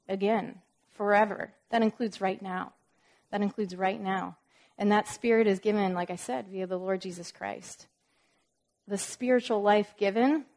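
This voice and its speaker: A woman leading an informal Bible lesson at a medium pitch. She reads verses aloud with added weight, then breaks into chatty explanations and asides. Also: darkish tone. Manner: reads scripture aloud with emphasis. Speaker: Bible teacher.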